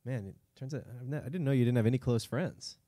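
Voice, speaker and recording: A man's voice: mid-range voice, quick pace, warm tone, no echo. Jokey man on a dry podcast mic. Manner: jokey, swears, slips into silly quoted voices. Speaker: podcast co-host. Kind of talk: casual comedic history chat.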